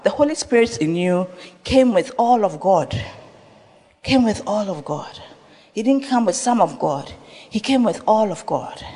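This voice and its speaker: A pastor preaching with emphatic repetition and rhetorical questions. The voice sits at a middle pitch. Long reverb from a large church hall trails each phrase. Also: expressive, a little slow, warm tone, breathy edge. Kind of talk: sermon.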